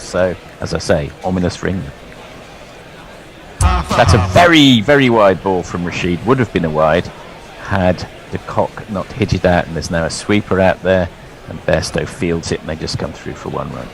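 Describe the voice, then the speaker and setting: A man calling ball-by-ball cricket commentary in a lively, chuckling way, bringing in his co-hosts. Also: deep voice, gravelly, slight background noise, rough recording.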